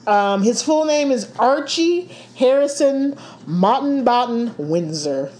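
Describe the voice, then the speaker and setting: Slow lively giggly woman. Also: fairly high pitch, slight background noise. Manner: giggly, playful, drawn-out words. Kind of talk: casual chat.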